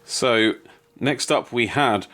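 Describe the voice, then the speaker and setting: A man co-hosting a wrestling review podcast in an easy, chatty way. He gets animated as he talks, laughing often and jumping up in pitch when something tickles him. His voice sits at an ordinary middle pitch. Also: slow pace. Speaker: podcast co-host. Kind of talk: casual wrestling review chat.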